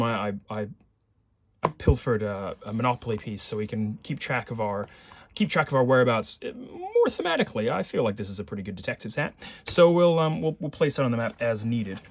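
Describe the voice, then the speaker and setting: Reading the case aloud, a medium-pitched man casually narrates a solo detective board game. He thinks out loud with rambling, self-correcting asides and little jokes.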